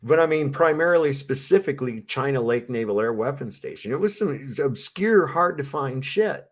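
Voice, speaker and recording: A man's voice: medium pitch, animated, brisk. Rambling, profane male storyteller. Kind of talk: casual chat.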